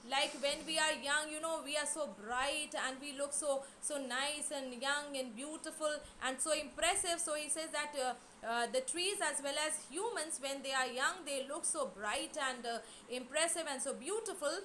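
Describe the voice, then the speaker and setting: A middle-aged woman teacher, explaining a poem to her class slowly, with many fillers and repeated words. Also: high-pitched, sharp tone, slight background noise. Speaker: English teacher.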